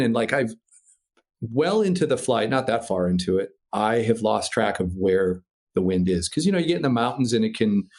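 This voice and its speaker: A man from Minnesota, a podcast guest, telling a story in a casual, animated way, swearing freely and laughing through the tense parts. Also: mid-range voice. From Minnesota, USA. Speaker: podcast guest, paraglider pilot.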